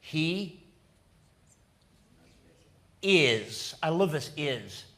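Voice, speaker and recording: A man preaching as a pastor. He tells the story dramatically, falls to a low hush and then rises to loud bursts, laughs often and speaks directly to the congregation. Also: very animated, very slow. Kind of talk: sermon.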